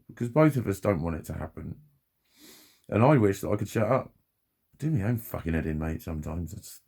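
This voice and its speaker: A man's voice: on the low side, gravelly, a little mellow. A man in his forties, talking in a rambling personal vlog monologue, sweary and chatty, laughing at himself often. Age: 40s. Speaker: vlogger.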